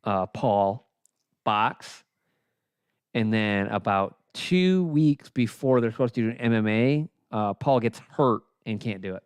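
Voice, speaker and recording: Smooth-voiced, profane male podcaster. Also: lowish voice, expressive, slow pace, no echo. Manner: profane, teasing, challenging. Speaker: podcast co-host. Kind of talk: casual chat.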